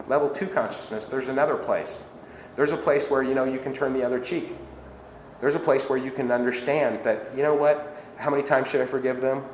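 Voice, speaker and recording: A man giving a spiritual self-help lecture, asking rhetorical questions and acting out everyday dialogue. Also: medium pitch. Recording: echoey hall with faint ambient noise.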